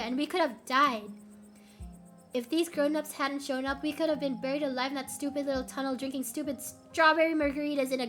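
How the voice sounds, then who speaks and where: A woman's voice: sits high, fairly bright tone. A woman voicing a teenage girl in a game who speaks out heatedly and with resentment against her friend. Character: fed-up teen girl finally speaking out.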